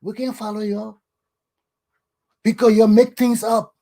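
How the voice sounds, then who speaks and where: A man's voice: sits high, level tone, a little slow, mellow. An older man from Liberia with a Liberian English accent, hosting his own talk show in a scolding, emphatic lecturing monologue that repeats words for stress.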